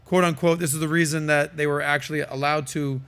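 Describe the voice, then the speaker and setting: Male podcast host, slightly high voice, opinionated, casual and emphatic. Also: flat delivery, fast, a bit bright, smooth. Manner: emphatic, opinionated, many fillers.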